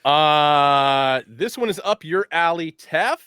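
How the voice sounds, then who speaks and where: A man's voice: a little high, lively intonation, slow, sharp tone, clean tone, no room sound. A man hosting a casual product recap, upbeat and joking with his co-hosts. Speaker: show host presenting new hats.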